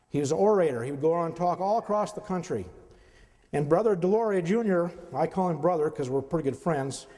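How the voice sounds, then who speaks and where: A man's voice: high-pitched, dark tone. A man giving a slide lecture to an audience in a conversational way, often turning to the listeners with questions. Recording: long reverb of a hall.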